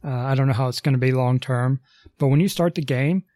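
A man chatting on a podcast in a meandering way, stopping for ums and fixing himself mid-sentence. His voice sits at an ordinary middle pitch. The sound is dry and close, with no room echo. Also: a little fast, warm tone. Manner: rambling, many ums and self-corrections. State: has the hiccups. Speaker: podcast co-host. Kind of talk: casual podcast chat.

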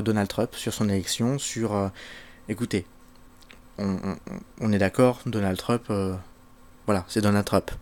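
A man introducing a comedian in a casual, hesitant commentary with many pauses and restarts. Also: on the low side. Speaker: video presenter.

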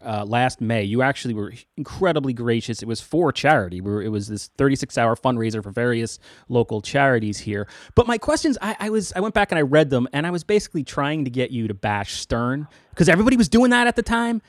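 A radio host asking polite, somewhat hesitant questions in an interview. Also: male voice, medium pitch, sing-song, fairly quick, hardly any pauses, dry recording, studio quality.

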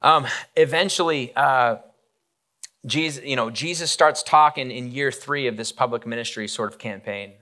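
Male pastor, bright, forceful voice, casual storytelling sermon. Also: medium pitch, moderate pace. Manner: casual, animated, many fillers and asides.

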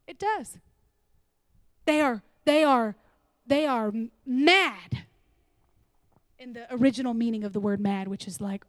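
A woman preaching a sermon to a church, animated and laughing, sometimes dropping into whispers. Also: on the high side, a little slow, long pauses, dry recording.

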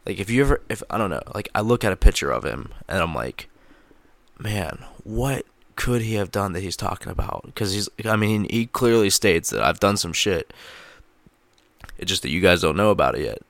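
A man with a very low, creaky voice talks straight into a close microphone. His commentary is casual and loose, packed with filler words and swearing. The sound is dry and close, with no room around it. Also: sing-song, brisk, a bit bright, no echo. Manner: profane, filler-heavy, laughs at own jokes. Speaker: vlogger.

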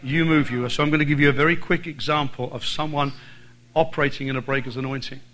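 A man's voice: fairly high pitch, fairly even intonation, fast talker, sharp tone, low-quality recording. A man with an Irish accent preaching a sermon as a visiting preacher, driving points home by repeating phrases. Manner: emphatic, repeats phrases for stress.

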